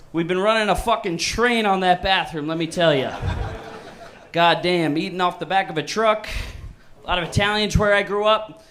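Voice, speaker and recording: A man's voice: high-pitched, fairly bright tone, slight background noise. A man from New York doing a brash, rambling stand-up set and laughing at his own jokes. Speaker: stand-up comedian.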